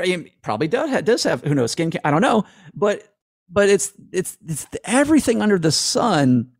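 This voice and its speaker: A man's voice: fairly high pitch, dry recording. Rambling man with a dry sound. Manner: rambling, self-deprecating, frequent restarts. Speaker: guest. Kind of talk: casual interview answers.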